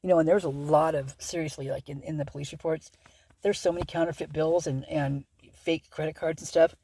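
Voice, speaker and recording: A woman's voice: low-pitched, fairly even intonation, a little fast, dark tone. A woman hosting a true-crime channel, reading through a legal document aloud in a casual, rambling way with many fillers and self-corrections.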